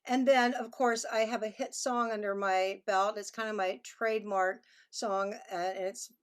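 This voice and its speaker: A woman's voice: medium pitch, steady tone, measured pace, clear, resonant tone. A woman musician with a Texan accent, reading from her memoir over a video call, reflective and chatty. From Texas. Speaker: musician and author.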